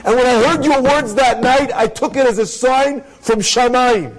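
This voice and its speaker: A man's voice: very high-pitched, moderate pace, voice pushed up, poor audio. A man voicing an earnest young woman who pours out an emphatic, pleading complaint. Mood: exasperated.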